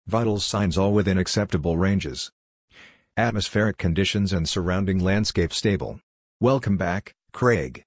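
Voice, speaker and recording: A man doing a calm female pod computer. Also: low-pitched, normal speed, no echo, studio quality. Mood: clinical. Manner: even, clinical announcements.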